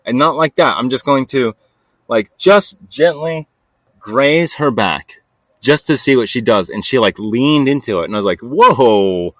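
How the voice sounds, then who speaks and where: A man tells a casual story on his podcast, in a mid-range voice recorded close and dry. He rambles and keeps talking to himself. His voice drops to a mutter, then jumps out loud without warning. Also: lively intonation, normal speed, no room sound. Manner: rambling, restless, talks to himself with lots of "like" and "freaking"; swings between low mutters and sudden loud outbursts. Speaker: podcast host.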